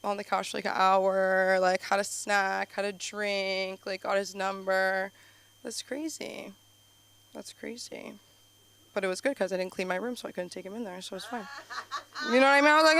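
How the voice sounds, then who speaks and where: A young adult woman doing an open-mic stand-up set on a comedy club stage. She tells stories in a rambling, animated way, full of "like", and jumps her voice up for punchlines. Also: mid-range voice, normal speed, clear, resonant tone. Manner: rambling, filler-heavy storytelling with frequent "like".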